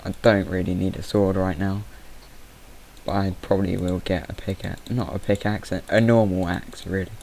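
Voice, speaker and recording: A man's voice: low voice, little pitch movement, normal speed, creaky, darkish tone, a little hiss or hum, low-quality recording. A young man giving rambling let's play commentary, easily startled and chatting to the animals in the game. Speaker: gamer. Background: mouse clicking.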